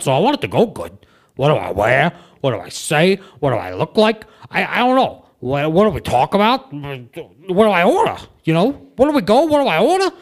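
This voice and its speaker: A fairly high-pitched man talks fairly quickly and very animatedly as he hosts a comedy podcast in character. Playing a boastful, bumbling wrestler, he rambles and stammers over his words.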